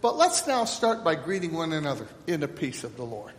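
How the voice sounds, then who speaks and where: A man serving as pastor, making announcements and then leading the liturgy in a solemn, measured cadence. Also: fairly high pitch, very animated. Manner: solemn liturgical cadence with call and response prompts. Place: church sanctuary. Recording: echoey church hall, mic at a distance.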